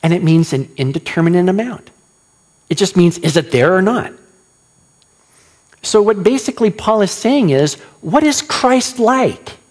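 A man preaching a sermon as pastor, animated and questioning his listeners, acting out quoted lines. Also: high-pitched, moderate pace, pauses often.

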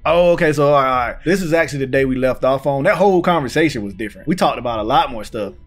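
A man's voice: mid-range voice, very fast. A man hosting a gaming video, reading text messages aloud and reacting with hyped, slangy banter. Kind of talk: playthrough commentary. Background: faint game music.

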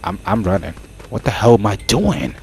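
A man giving casual let's-play commentary on a horror game, excitable and jokey, with frequent startled exclamations. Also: lowish voice, moderate pace, gravelly, slightly rough. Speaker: gaming channel host.

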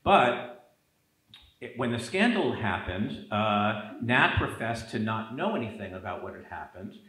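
A man, an author, in conversational talk at a public event, telling stories with lively quoted asides. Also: on the low side, a little slow, echoey room, low-quality recording. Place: event hall.

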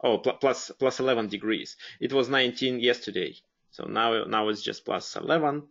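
A man's voice: mid-range voice, normal speed, gravelly, fairly bright tone, highs cut off. A man with a Russian accent hosting a live webinar, speaking hesitantly with many fillers and restarts. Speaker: webinar host.

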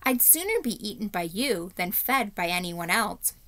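A woman doing a gentle, earnest talking mare. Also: mid-range voice, sing-song, moderate pace.

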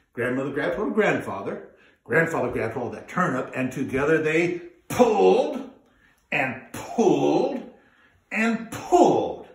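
A man telling a folk tale in an animated, drawn-out way, coaxing listeners to join in, heard in an echoey room from a distance. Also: medium pitch. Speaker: storyteller. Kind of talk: live folk storytelling with audience participation.

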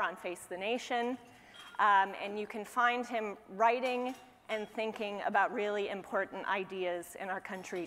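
A woman's voice: mid-range voice, fairly bright tone. A woman moderating a panel on stage, introducing a guest in a polite, conversational way. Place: large conference hall. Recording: reverberant hall with faint noise.

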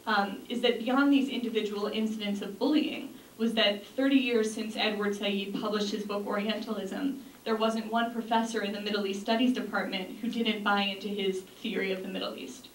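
A woman's voice: medium pitch, steady tone, moderate pace, hardly any pauses. Young woman giving a talk in an echoey hall. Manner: earnest, with frequent ums and restarts. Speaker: speaker. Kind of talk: talk to an audience. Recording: echoey room from a distance, faint noise.

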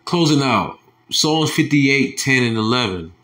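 A heated male preacher, who reads scripture in a low, slow voice and then breaks into angry, mocking street talk. He curses freely and scoffs as he preaches. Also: animated, a bit bright. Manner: heated, profane, mocking, drops to low tones reading verses. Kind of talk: scripture commentary with angry asides.

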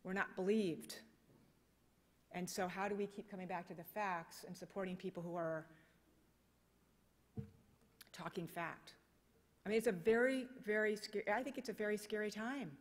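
A woman's voice: medium pitch, normal speed, pauses often. An American woman giving a conference keynote, speaking passionately and emphatically with many rhetorical questions. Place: conference hall. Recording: long reverb of a conference hall.

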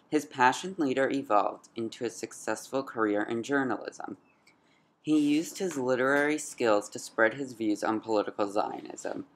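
Very low-voiced woman narrating. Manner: clear, read-aloud delivery. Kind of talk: school-project narration.

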